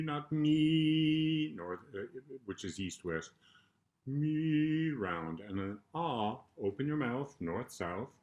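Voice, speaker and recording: An older man, a choral conductor, calmly and patiently talking singers through a vocal warm-up and demonstrating the sounds. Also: fairly low pitch, dull audio. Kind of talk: spoken vocal instruction between sung exercises.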